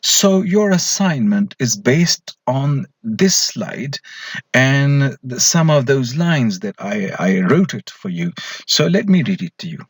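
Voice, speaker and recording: A man's voice: medium pitch, very animated, takes it slowly, slightly rough, no echo. A man giving a recorded slide lecture as an English lecturer, posing questions to students and then answering them himself.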